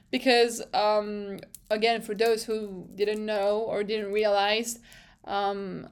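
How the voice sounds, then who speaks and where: A young woman hosting a casual podcast recap, chatty and excitable, swearing freely and often restarting her phrases. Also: mid-range voice, takes it slowly, smooth. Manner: self-interrupting, restarts phrases. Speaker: podcast host.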